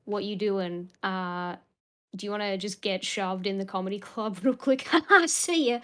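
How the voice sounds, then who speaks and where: A woman's voice: mid-range voice, a little slow, pushed and bright. Woman playing a flippant, chirpy mystery figure from a tabletop game recap.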